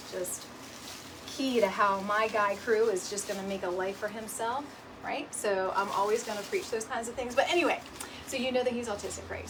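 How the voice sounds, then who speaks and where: A middle-aged woman, chatting casually and laughing often while hosting a live DIY decor video. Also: fairly high pitch. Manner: chatty, laughs often, says "y'all" and "right?". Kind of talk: casual livestream chat while crafting. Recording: mic at a distance, audible room noise.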